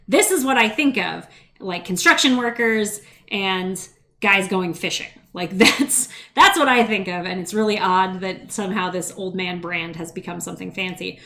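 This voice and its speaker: A woman's voice: medium pitch, a bit bright, a little hiss or hum. A middle-aged woman hosting a podcast, chatting casually and wryly, rambling with asides. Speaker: podcast host. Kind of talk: casual chat.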